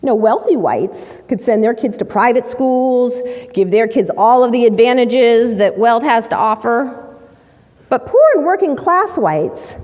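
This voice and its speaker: A woman giving a measured, formal prepared speech. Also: fairly high pitch, lively intonation, darkish tone. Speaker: public speaker. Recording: long reverb of a hall.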